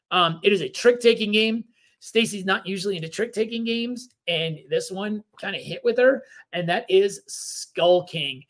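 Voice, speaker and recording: Man, high voice, relaxed, rambling, casual board game talk. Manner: relaxed, rambling explanations with fillers. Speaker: podcast co-host.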